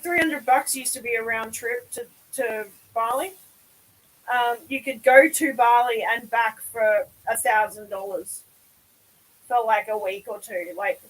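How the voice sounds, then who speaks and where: A woman's voice: on the high side, fairly bright tone, poor audio. A woman chatting casually on a live stream. She swears freely and laughs often.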